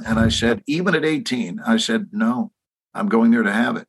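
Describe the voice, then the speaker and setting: Texan guy in his 60s, husky voice, emphatic, keeps asking the listener questions. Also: medium pitch, normal speed. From Texas. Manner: emphatic storyteller, asks rhetorical questions to listeners. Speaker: guest. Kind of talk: podcast conversation.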